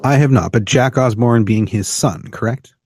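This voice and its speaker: Brief: male co-host, casual and stumbling, average pitch, dry recording. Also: darkish tone, no room sound. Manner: halting, repeats words. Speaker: podcast co-host. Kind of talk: casual chat.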